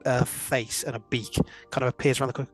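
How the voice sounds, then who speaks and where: A man narrating a tabletop game as game master, describing scenes in halting, repeated phrases. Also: mid-range voice, flat delivery, faint music behind.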